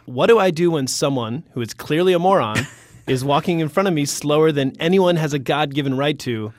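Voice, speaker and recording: A man's voice: on the high side, fairly quick, no room sound, clean studio sound. A man hosting a radio show, reading friendly scripted introductions and laughing easily with guests. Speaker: host.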